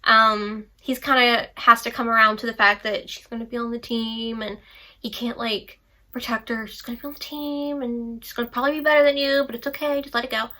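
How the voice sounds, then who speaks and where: Talking briskly in a fairly high, steady, sharp voice, a young book vlogger gives a casual review chat about her reading, wandering off into playful asides.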